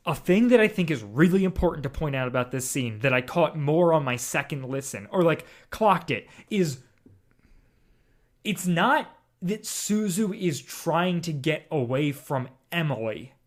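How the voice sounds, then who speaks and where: Male podcast co-host, excitable theorizer, slightly high voice. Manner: animated, theorizing, talks fast in bursts. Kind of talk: casual chat.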